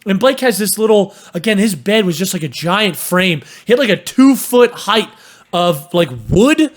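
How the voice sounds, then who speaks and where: A young man co-hosting a casual podcast, telling stories in an animated way and swearing freely. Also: sits high, moderate pace. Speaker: podcast co-host.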